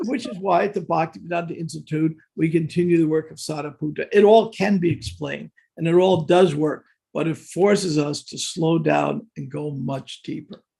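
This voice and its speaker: A man's voice, heavily gravelly and a little husky, sitting a touch higher than most men's. He leads a scripture class in a temple, telling lively stories to a small group of listeners. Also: normal speed, hardly any pauses. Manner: animated storytelling. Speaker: class teacher. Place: temple hall.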